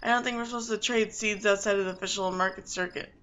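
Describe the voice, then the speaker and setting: A woman's voice: medium pitch, steady tone, fast talker, fairly bright tone, natural voice. A woman playing an upbeat male beekeeper. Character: cheerful honey-selling male beekeeper.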